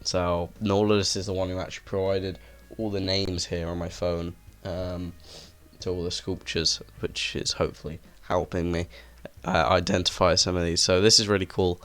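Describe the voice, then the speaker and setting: A man's voice: sits low, little pitch movement, moderate pace, fairly bright tone. A man giving a rambling, enthusiastic walkthrough of a game, full of "um"s and "like"s, recorded on a desk microphone. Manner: rambling, enthusiastic, many fillers. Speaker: gaming video creator. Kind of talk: casual game walkthrough commentary. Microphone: desk microphone with headset.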